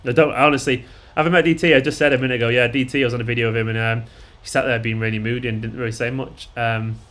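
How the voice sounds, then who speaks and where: A man's voice: medium pitch, steady tone, rapid-fire, fairly bright tone. Bloke chatting on his stream, sweary, rambly, lots of ums. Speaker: fan channel host. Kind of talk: casual live-stream chat.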